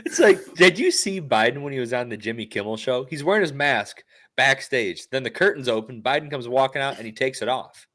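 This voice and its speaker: A male podcast co-host who sounds incredulous and keeps firing questions. His pitch moves around a lot, and he sits in the middle of the male range. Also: animated, brisk, bright, forceful tone. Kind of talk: casual podcast banter.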